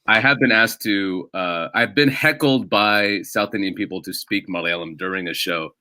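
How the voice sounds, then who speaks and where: A man's voice: fairly low pitch, moderate pace, pushed and bright. A man, a comedian, chatting as a podcast guest, telling jokey stories with lots of restarts. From United States. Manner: rambling, jokey storytelling with many restarts. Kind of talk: casual podcast chat.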